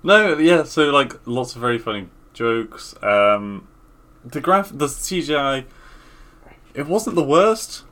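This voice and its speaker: A man's voice: medium pitch, big pitch swings, takes it slowly, fairly bright tone. A man co-hosting a podcast in casual chat, loose and sweary, trailing off mid-thought. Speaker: podcast co-host.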